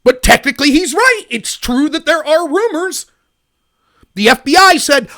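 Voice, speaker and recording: Male stream host, sarcastic rant, bright edgy voice, animated delivery. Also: very high voice, measured pace. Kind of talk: political commentary livestream.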